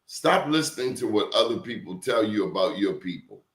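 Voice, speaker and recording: A man's voice: fairly low pitch, expressive, moderate pace. A man in casual conversation, telling stories emphatically with blunt slang. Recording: roomy echo.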